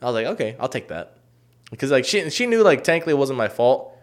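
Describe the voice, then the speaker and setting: Fast-talking young man telling a story. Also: mid-range voice, expressive. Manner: profane, rambling, many fillers, acts out quotes loudly. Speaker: storyteller in casual podcast chat. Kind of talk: casual chat.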